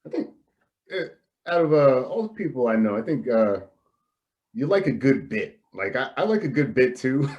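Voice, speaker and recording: A man's voice: mid-range voice, big pitch swings, normal speed, a little mellow. A young man hosting a podcast over a video call, rambling casually with many fillers and frequent laughter. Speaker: podcast host. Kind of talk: casual comedic chat.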